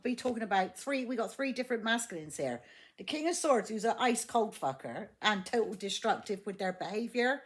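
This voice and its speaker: A woman giving a casual tarot reading, blunt and exasperated, swearing heavily and laughing often. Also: a little high. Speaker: tarot reader.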